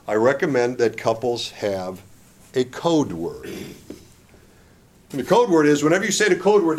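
A man's voice: mid-range voice, a little mellow. A middle-aged man giving a conversational marriage seminar talk, folksy and joking, often checking in with his listeners. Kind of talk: conversational lecture to an audience.

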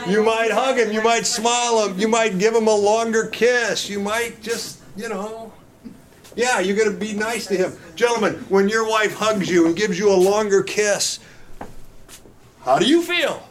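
Here the middle-aged workshop presenter's voice is high and his pace a little slow. He gives a funny live lecture on marriage to couples, joking, quizzing the audience, and repeatedly asking "right?", with the audience's reactions audible in the recording.

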